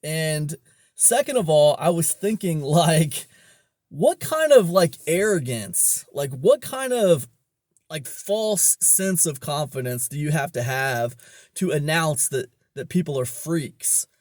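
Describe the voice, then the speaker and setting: A man's voice: a little high, animated, takes it slowly, a little mellow, no room sound. Rambling man, dry close sound. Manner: rambling, many fillers and restarts. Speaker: online business vlogger. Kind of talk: casual storytelling monologue.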